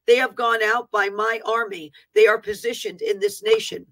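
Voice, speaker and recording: Bright-voiced woman reading a prophecy. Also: fairly high pitch, big pitch swings, moderate pace, rough recording. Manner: earnest, declaiming, with asides on capitalization. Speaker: prophetic minister.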